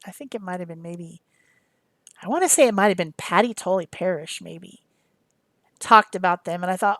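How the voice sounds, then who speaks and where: A woman chats her way through a hands-on craft tutorial, rambling and filling pauses with ums as she explains each step. Her voice sits at an ordinary middle pitch and sounds close and dry, with no room echo. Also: fairly bright tone. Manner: chatty, rambling, with many fillers and restarts. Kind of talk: casual voice-over demonstration.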